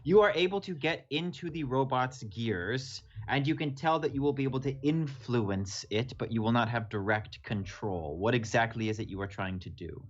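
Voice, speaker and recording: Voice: medium pitch, expressive, moderate pace, few pauses. Game master narrating a tabletop game, loose and laughy, swears a bit, muffled audio. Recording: dull lo-fi audio.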